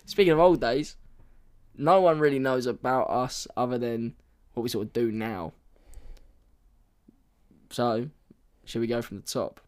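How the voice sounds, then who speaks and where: An excitable young man chatting casually as a podcast co-host. His voice sits at an ordinary middle pitch, and he talks in quick slang and gets worked up as he pushes his ideas. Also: smooth. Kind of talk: casual chat.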